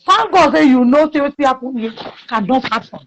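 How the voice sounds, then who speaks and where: A woman's voice: high-pitched, lively intonation, brisk, noisy background. A Nigerian woman giving passionate opinion talk, scolding and emphatic, with pidgin phrases mixed in, on a muffled lo-fi recording.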